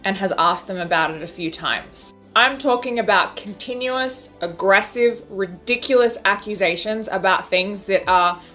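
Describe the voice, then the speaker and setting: Woman, blunt explainer, counts off numbered points, soft music under her voice. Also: mid-range voice, normal speed, few pauses. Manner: blunt, emphatic, listing points. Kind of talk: talking-head explainer.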